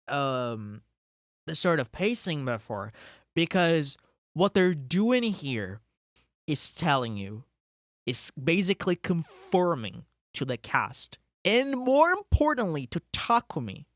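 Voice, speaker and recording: An excitable game streamer giving live-stream commentary, thinking aloud, swearing and laughing between words. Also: mid-range voice, slow, dry recording, clean studio sound.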